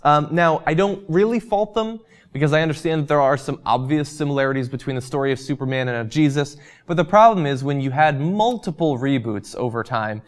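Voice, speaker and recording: A man hosting a casual vlog, answering viewer questions in a relaxed, chatty way with lots of ums and uhs, and he is losing his voice. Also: fairly high pitch. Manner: relaxed and chatty, with frequent um and uh fillers.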